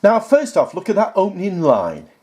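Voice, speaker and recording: A man's voice: high-pitched, wildly swooping pitch, moderate pace, darkish tone. A man talking to camera as a YouTuber, reading viewer comments aloud and rebutting them point by point in a sarcastic, exasperated way. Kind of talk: casual talk to camera.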